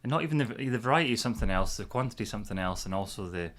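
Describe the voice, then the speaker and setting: A man's voice: lowish voice, animated, very fast, fairly bright tone. A Scottish man chatting casually as a guest, easygoing with dry humor. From Scotland. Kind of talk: casual chat.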